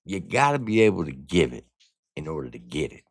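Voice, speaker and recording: A man's voice: sits low, sing-song, a little fast, creaky, breathy edge, no echo, studio quality. A man hosting a casual livestream album review, talking in blunt, profane slang. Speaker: music reviewer and streamer host.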